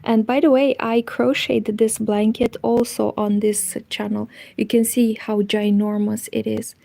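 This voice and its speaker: Woman hosting a relaxed knitting stream, unhurried and gravelly, talking softly to viewers. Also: on the high side, no echo, rough recording. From Moldova. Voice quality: soft, partly whispered. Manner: chatty, greets viewers while knitting. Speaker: knitting channel host. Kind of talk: casual livestream chat. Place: home, indoors.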